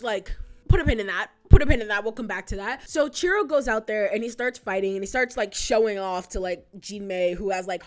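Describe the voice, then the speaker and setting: A woman in her twenties talking casually as a video host, chatty and full of asides and rhetorical questions. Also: a little high. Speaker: YouTube host. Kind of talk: casual retrospective commentary.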